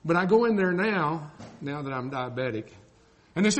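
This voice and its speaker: An older man preaching a folksy sermon, joking and swinging between loud and soft. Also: fairly high pitch, lively intonation, fairly quick, a little hiss or hum.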